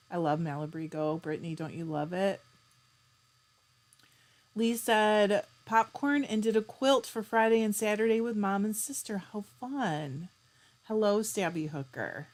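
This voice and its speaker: A woman hosting a casual live stream. She reads out viewers' comments, chats back to them and keeps clearing her throat. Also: mid-range voice. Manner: chatty, reads out comments and answers them warmly. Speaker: livestream host.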